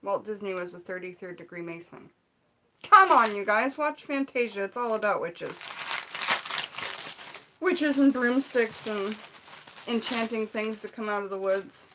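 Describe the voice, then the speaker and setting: A woman's voice: medium pitch, moderate pace, noisy background. Gushing chatty woman vlogger. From Seattle area. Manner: chatty, gushing and excitable, with frequent "um" and "like". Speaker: vlogger opening gifts. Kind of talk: casual unboxing chat to viewers.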